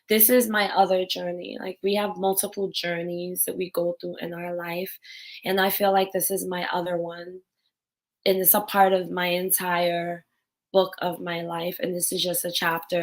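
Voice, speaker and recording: Casting: young adult woman, lowish voice, raw and candid, on the verge of tears, personal vlog. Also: fairly bright tone. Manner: raw, tearful and candid, swears. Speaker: vlogger.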